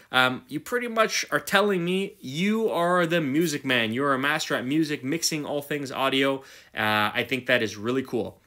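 A man's voice: mid-range voice, bright, forceful tone. A male host giving casual, enthusiastic commentary while reviewing. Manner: enthusiastic, chatty, reads text aloud.

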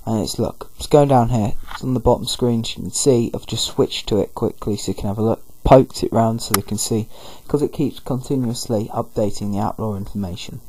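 A man commentating casually over a game, paraphrasing characters in quick throwaway voices. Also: on the low side, dark tone, breathy edge, poor audio. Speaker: gameplay commentator. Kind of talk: casual let's-play commentary.

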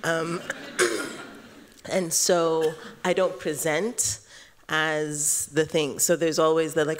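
An American-born artist answers on a panel in a chatty, lively way, laughing easily. The pitch sits in the middle range. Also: very slow, smooth. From United States.

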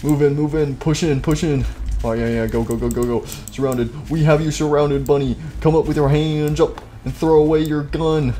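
A man's voice: a little high, fairly even intonation, normal speed, mellow, close to an everyday voice. A man voicing a bossy male cardboard box soldier who barks orders at his squad in a game video. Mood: commanding. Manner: barking orders.

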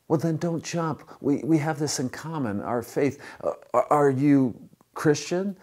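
A man putting on a frantic, eager rescuer whose voice jumps up high and gets loud and excitable as he pleads. He is breathless with enthusiasm, told as a joke within a sermon. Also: brisk, vocal fry. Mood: pleading. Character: frantic, eager man talking someone off a bridge.

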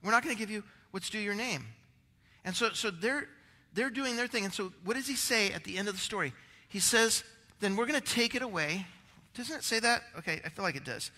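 A man's voice: sits high, animated, fairly quick, pushed and bright, long reverb tail. A male pastor preaching a rambling, conversational sermon, out of breath, with many restarts.

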